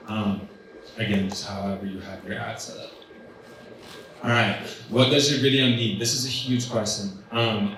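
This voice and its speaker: A man's voice: fairly low pitch, fairly bright tone. A man coaching a room of business owners in a loose, conversational way, full of ums and likes. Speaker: business coach presenting at a trade event. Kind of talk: casual workshop presentation. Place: large event room with an audience. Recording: very echoey hall, distant mic, faint hiss.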